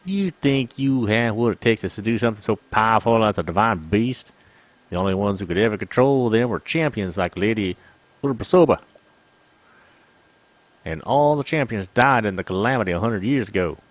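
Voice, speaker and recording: A man's voice: lowish voice, normal speed, no echo, close to an everyday voice. A man voicing a young female desert chief in a game, speaking in a formal, commanding way. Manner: formal, imperious.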